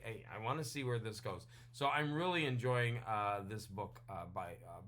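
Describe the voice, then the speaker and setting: A man hosting a casual home vlog, rambling and chatty, quick to laugh at himself. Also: mid-range voice, pushed and bright, a little hiss or hum. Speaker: vlogger reviewing books and puzzles. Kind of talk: casual weekly vlog chat. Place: home room with his dog nearby.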